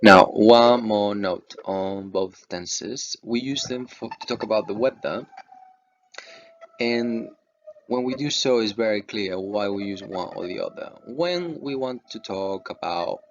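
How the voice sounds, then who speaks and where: A man's voice: lowish voice, measured pace. A man teaching grammar over slides, explaining patiently and checking in with "okay" as he goes. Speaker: Spanish teacher. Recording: dull lo-fi voice recording with faint noise.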